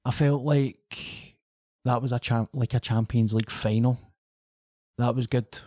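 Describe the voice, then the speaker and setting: A man with a Scottish accent, a guest comedian, telling a story in a loose, animated way, swearing freely and slipping into other people's voices. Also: medium pitch, measured pace, no room sound, clean studio sound. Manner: animated, swearing, acting out quoted locals. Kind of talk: casual podcast storytelling.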